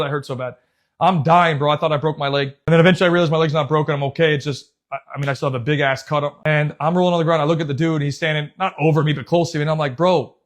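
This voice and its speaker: A man, a youth soccer coach, telling a story in a casual, animated way, swearing often and calling the listener bro and dude. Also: on the high side. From United States.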